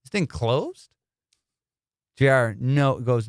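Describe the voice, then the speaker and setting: A male comedian hosting a podcast, telling a road-trip story in an excitable, slangy, profane way. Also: mid-range voice, unhurried, creaky, dry recording, studio quality. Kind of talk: animated storytelling.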